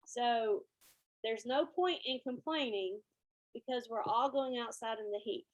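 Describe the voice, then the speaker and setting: Lively woman band teacher presenting. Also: on the high side, a little slow, dull audio. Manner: lively storyteller, acts out quotes. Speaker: school band director presenting. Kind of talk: conference presentation.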